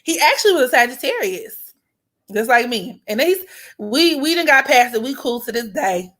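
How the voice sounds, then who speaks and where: Bright-voiced woman telling a story. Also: on the high side, normal speed. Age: 20s. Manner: animated, profane, slangy storytelling. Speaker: vlogger. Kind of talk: casual storytime chat.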